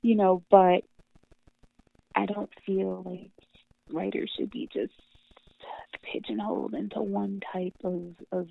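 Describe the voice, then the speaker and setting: A woman comic book writer chatting as an interview guest, animated and swearing freely, laughing often, heard over a tinny phone line. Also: medium pitch, slow, creaky, long pauses, dry recording. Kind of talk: casual interview chat.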